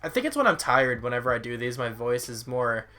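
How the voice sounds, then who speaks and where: A man's voice: medium pitch, big pitch swings, a little fast, pushed and bright, faint music behind. A tired young man giving casual, rambling commentary on a football video game, reading out stats, his voice sometimes cracking. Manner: rambling, self-deprecating, reads out stats. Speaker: gaming YouTuber.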